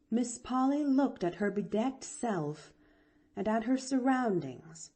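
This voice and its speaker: A woman reading a classic storybook aloud for learners, measured and expressive. Her voice is warm and mellow. She moves through it slowly, with lively pitch. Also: husky. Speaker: audiobook narrator.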